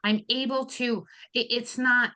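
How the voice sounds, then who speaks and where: A woman in her fifties talks as a guest in a relaxed interview, her voice sitting fairly high. She speaks in an animated way, breaking off and restarting her sentences and laughing easily. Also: a little slow. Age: 50s. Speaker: guest, therapeutic riding founder. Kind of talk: casual interview chat.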